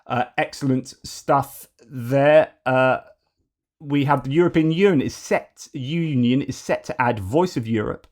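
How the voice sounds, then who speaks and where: A man's voice: medium pitch, measured pace, a little mellow. Man giving digressive, opinionated news commentary. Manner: digressive, argumentative, many fillers and restarts.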